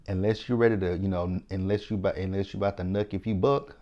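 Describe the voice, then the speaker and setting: A man in his thirties hosting a casual TV episode recap, retelling scenes in a lively, slangy way and quoting the characters as he goes. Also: low voice, fast, few pauses, highs cut off. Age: 30s. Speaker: TV recap host.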